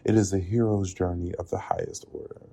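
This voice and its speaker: A man narrating a reflective spoken essay in a measured, earnest way. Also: low-pitched, steady tone, vocal fry, dark tone. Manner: measured, earnest, with occasional laughs at slips.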